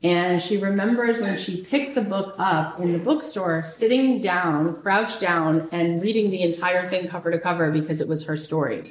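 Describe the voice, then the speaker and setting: A woman hosting a show, retelling a story in a lively, casual way, repeating phrases and often saying "like". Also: lowish voice, normal speed, hardly any pauses, slight background noise. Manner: animated, repeats phrases, frequent "like". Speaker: podcast host. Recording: roomy echo.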